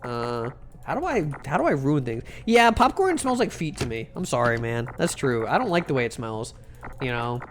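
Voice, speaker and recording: A man's voice: mid-range voice, sing-song, normal speed. A young man, a VTuber, chatting casually while streaming a game, rambling through jokey stories with lots of restarts and swearing. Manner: rambling, self-interrupting, joking and profane. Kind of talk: casual live-stream chat while gaming.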